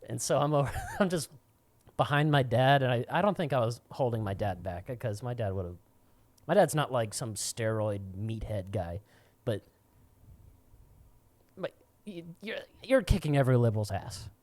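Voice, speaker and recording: A man's voice: mid-range voice, lively intonation, moderate pace, long pauses, darkish tone, dry recording. A young man co-hosting a podcast, telling a crude, rambling story with frequent laughs. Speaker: podcast co-host. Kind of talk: casual storytelling.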